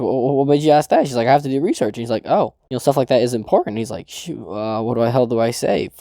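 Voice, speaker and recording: A young man casually recapping a manga chapter, excitable, swearing and laughing now and then. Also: mid-range voice, dry recording, clean studio sound. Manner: excitable, swears, laughs, quotes characters in raised voice. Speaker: manga review host.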